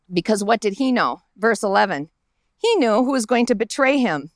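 A woman's voice: on the high side, lively intonation, fairly quick, no echo, studio quality. A woman pastor giving a conversational sermon outdoors in a park, acting out the lines of the characters in the story as she goes.

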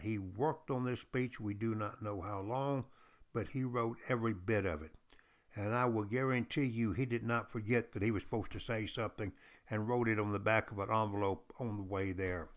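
A man from Texas, giving a podcast history lecture as a teacher who tells stories emphatically and repeats key phrases. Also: on the low side.

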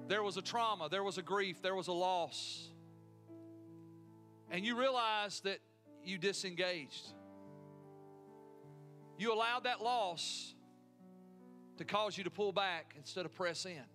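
A man preaching a sermon as pastor in a church, rising to emphatic peaks and dropping to hushed lines. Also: high voice. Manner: preaching with swelling intensity and hushed drops. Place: church sanctuary.

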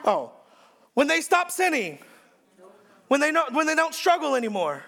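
A male pastor preaching a sermon in an emphatic style, repeating phrases and swinging between shouts and hushed lines. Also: very high-pitched, very animated, normal speed, creaky.

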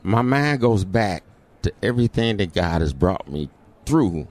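A man's voice: fairly low pitch, big pitch swings, a little slow, darkish tone. A middle-aged man, telling a personal story as an interview guest and acting out the voices in it.

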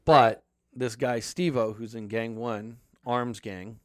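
A man's voice: medium pitch, slow pace, no echo, studio quality. A man retelling a film's plot in a casual chat, swearing freely and acting out lines from it. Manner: profane, animated storytelling with acted-out quotes. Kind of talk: casual movie recap chat.

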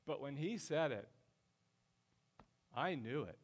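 A middle-aged man preaching a sermon with passion, his voice swelling loud and high as he drives his points home. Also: lively intonation, slow pace, pauses often. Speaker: pastor.

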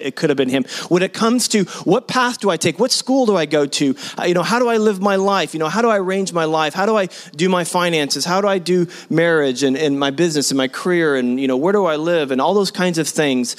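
A man in his forties preaching a sermon in a conversational, animated way, leading the congregation in call-and-response. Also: on the high side, a little fast, few pauses. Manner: conversational, with many restarts and asides. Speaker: pastor.

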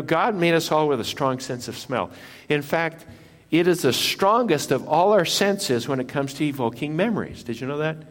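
Pastor preaching in a reverberant hall. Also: male voice, fairly high pitch. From Japan. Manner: repeats key lines for emphasis, asks the congregation questions. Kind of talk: sermon.

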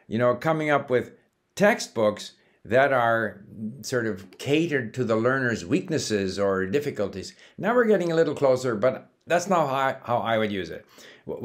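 A man talking in a casual, thinking-aloud monologue about language learning, with frequent fillers and restarts. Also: medium pitch. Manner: thoughtful, musing, with many fillers and restarts. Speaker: language-learning app founder.

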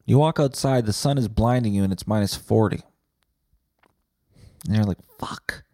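A man's voice: lowish voice, normal speed, mellow, no room sound. A man hosting a podcast, delivering a rambling, profane, sarcastic comedic monologue on a close mic. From Winnipeg, Canada. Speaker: podcast host.

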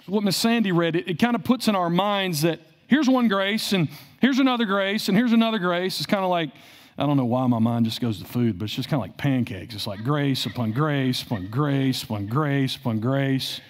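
A man's voice: sits high, a little fast. A male pastor preaching a sermon, asking the congregation questions and repeating phrases for emphasis.

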